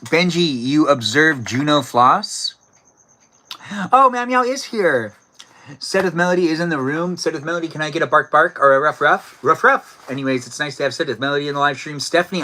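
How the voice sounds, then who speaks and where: A man hosts a live stream from outdoors, reading out viewer comments and teasing them by name. His voice is bright and forceful, with a loose, playful manner, and crickets chirp faintly behind him. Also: on the high side, fast talker, few pauses. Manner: playful, jokey, talks to chat by name, barks and giggles on request. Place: outdoors, cold evening.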